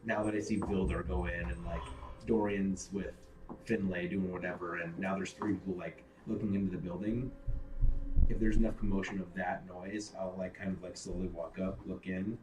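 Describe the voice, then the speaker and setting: A man's voice: low-pitched, steady tone, normal speed, background noise. A man playing a tabletop game, talking hesitantly with many fillers, recorded from a distant mic in a roomy space. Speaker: player. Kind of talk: casual tabletop play.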